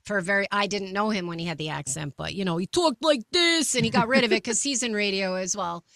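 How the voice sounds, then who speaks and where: A woman's voice: medium pitch, fast, gravelly, fairly bright tone, no room sound, clean studio sound. A woman from Albany, New York, with a general American accent, chatting candidly and swearing freely as a radio DJ guest on a podcast. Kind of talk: casual podcast chat.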